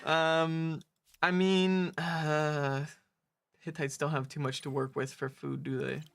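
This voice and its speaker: A man's voice: on the high side, level tone, takes it slowly, creaky. A young man from the West Coast of the United States in his twenties, casually chatting on a game livestream, laughing often and reading out chat messages. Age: 20s. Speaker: stream co-host.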